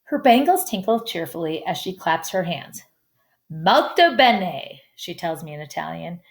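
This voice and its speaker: A woman's voice: on the low side, big pitch swings, moderate pace, vocal fry, a little mellow. A woman reading a first-person story aloud who stumbles over hard names, apologizes and makes asides. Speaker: audiobook reader.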